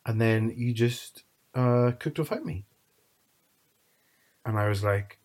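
A man's voice: lowish voice, normal speed, darkish tone. A man, telling rambling family anecdotes in casual chat and mimicking his relatives. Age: 30s.

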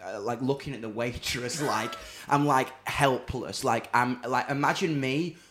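A man's voice: medium pitch, measured pace, fairly bright tone, a little hiss or hum. A young man with a British accent telling a funny anecdote in casual chat. He swears freely and acts out the other people's lines as he goes. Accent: British English.

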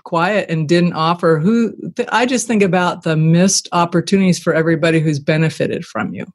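An interview host asking reflective, encouraging questions in a relaxed conversational style. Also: mid-range voice, a little fast.

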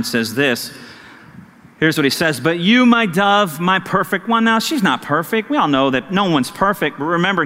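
A man preaching a sermon as pastor, animated and acting out conversations with his wife. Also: high-pitched, long reverb tail.

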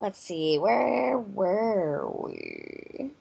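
A woman's voice: medium pitch, wildly swooping pitch, drawn-out words, creaky, breathy edge, highs cut off. Southern woman from mississippi, podcast host rambling thru a movie recap, lots of likes and uhs. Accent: Southern American. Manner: loose, filler-heavy storytelling. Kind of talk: casual chat recapping a film.

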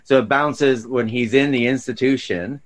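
A man's voice: medium pitch, fairly even intonation, normal speed. A man co-hosting a podcast, chatting casually about books and films, rambling with frequent restarts. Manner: rambling, stops and restarts mid-thought. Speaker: podcast co-host.

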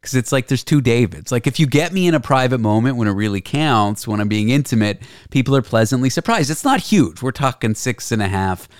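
A male podcast host chats candidly and rambles a little, often laughing at himself. His voice sits at an ordinary pitch. The sound is dry, with no room echo. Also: expressive, fairly quick, hardly any pauses, smooth. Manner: rambling, self-deprecating, frank. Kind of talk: casual candid chat.

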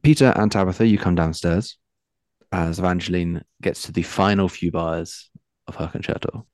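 A man's voice: low voice, normal speed, darkish tone, no echo. A man narrating as game master, hesitant with many fillers.

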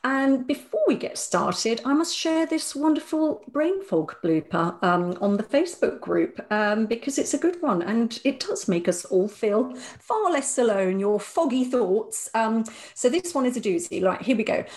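A woman's voice: fairly high pitch, very animated, a little slow, hardly any pauses, darkish tone. A woman co-hosting a podcast, chatting casually with frequent laughs and rambling asides. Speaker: podcast co-host. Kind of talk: casual chat.

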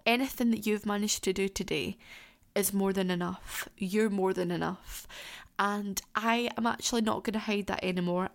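A woman's voice: mid-range voice, gravelly. A young adult woman hosting a solo podcast, talking in a heartfelt, emotional and rambling way. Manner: rambling, tangent-prone. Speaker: podcast host.

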